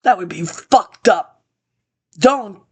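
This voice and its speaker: A woman's voice: mid-range voice, animated, slow, breathy edge. A woman giving a rambling spoken commentary, drifting into digressive asides and talking back to people who aren't there. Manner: digressive, talks to absent people, frequent laughs and asides; reads from old documents between tangents. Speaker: webinar presenter.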